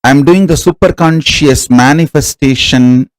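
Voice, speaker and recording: A man as a spiritual teacher giving a guided meditation in slow, measured commands. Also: a little high, poor audio.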